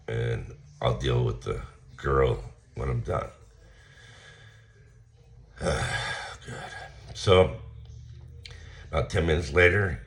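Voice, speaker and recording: A man's voice: rumbling low, vocal fry. A man casually telling a story in a blunt, profane rant, acting out his heated replies. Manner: blunt and profane, retelling a confrontation with heated quoted lines. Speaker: vlogger.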